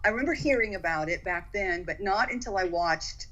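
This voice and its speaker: A woman guest on a casual interview, animated and talkative, laughing easily, calling in on a phone speaker from home. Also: medium pitch, brisk, dull audio. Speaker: guest, former wrestler.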